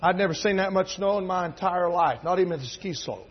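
A middle-aged pastor preaches with a high, husky voice. He tells homespun stories and then drives his points home with fervor. The recording sounds dull and lo-fi. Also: fast talker. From North Carolina, USA. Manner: folksy storytelling preacher, building to emphatic fervor. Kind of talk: sermon.

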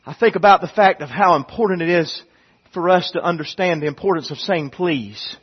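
A male pastor preaching a sermon, swinging from loud pleading to hushed intensity and often repeating and restarting his phrases. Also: a little high, fairly quick, slightly rough, dull audio.

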